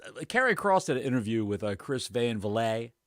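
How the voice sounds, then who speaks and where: A man's voice: mid-range voice, moderate pace, dry recording, studio quality. A man co-hosting a wrestling podcast in casual chat, telling stories with jokey asides. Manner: animated storyteller, jokey asides. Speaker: podcast co-host.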